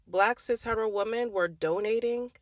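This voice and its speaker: A woman's voice: fairly high pitch, normal speed, no room sound. Young woman going off in a heated profane rant, lots of questions, close dry sound. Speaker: commentary vlogger. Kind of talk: impassioned social commentary monologue.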